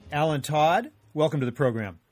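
A man hosting an interview podcast, reading a scripted introduction and then asking guests measured questions. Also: on the high side, music in the background. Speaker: podcast host.

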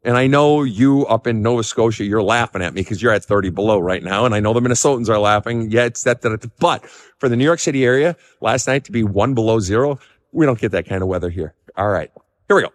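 A man's voice: fairly low pitch, fast talker. A middle-aged man giving casual, blunt advice as a counselor, swearing freely and pressing his points hard. He stands outside in the cold, bouncing on his feet, his voice dry and close with a long tail of reverb behind it. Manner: jumping up and down from cold and excitement. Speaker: counselor answering listener questions. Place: outdoors in the cold.

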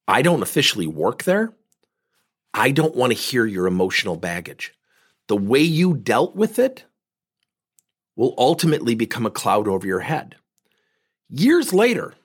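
A middle-aged man gives a motivational business talk with a slightly husky voice. His pitch swings widely as he leans on his points. His delivery is direct and emphatic, and he repeats lines for stress. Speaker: business speaker.

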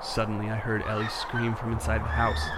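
A man's voice: lowish voice, monotone, brisk, very noisy, lightly acted. A man as a frightened young father narrating. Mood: hushed. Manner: hushed, tense storytelling. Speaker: first-person narrator. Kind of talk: scripted horror narration. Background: music.

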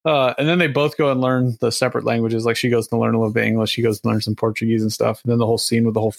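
A man's voice: mid-range voice, little pitch movement, rapid-fire, vocal fry, no room sound. A man co-hosting a podcast, rambling casually about a movie with lots of fillers and the odd swear word. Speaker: podcast co-host. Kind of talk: casual chat reviewing a movie.

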